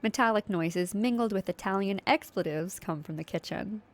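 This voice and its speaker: A woman's voice: mid-range voice, normal speed. Young woman streamer, Philly accent, chatty, giggly, reads game text aloud. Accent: Philadelphia. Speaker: streamer playing a story game. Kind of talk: casual game playthrough narration.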